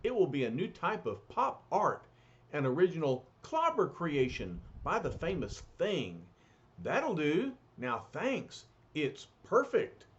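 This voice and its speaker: A man voicing a pompous, eccentric male art dealer who speaks formally and briskly. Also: on the high side, wildly swooping pitch, lo-fi sound, a little hiss or hum, heavily acted.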